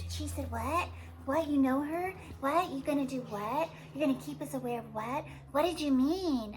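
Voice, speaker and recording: A woman in a rambling monologue, firing off rapid repeated questions. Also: high-pitched, darkish tone. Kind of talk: stream-of-consciousness monologue.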